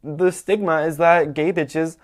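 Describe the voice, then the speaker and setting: A young man hosting his own podcast, telling a story in a rambling, animated way, full of "like" and swearing. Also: on the high side, measured pace. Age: young adult. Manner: acts out quoted people in a raised voice. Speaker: podcast host. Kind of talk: casual storytelling monologue.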